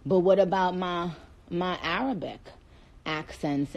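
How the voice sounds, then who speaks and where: A woman's voice: on the high side, expressive, moderate pace, slight background noise. Sassy New woman on a livestream. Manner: playful, sassy, trash-talking, breaks into accents. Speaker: livestream host. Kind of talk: casual livestream chat. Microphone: phone.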